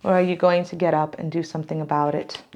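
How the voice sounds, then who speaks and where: A woman's voice: sits low, flat delivery, fast talker, darkish tone, lo-fi sound. A woman doing a casual, emotional tarot reading to camera, rambling and laughing often, near tears. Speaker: tarot reader.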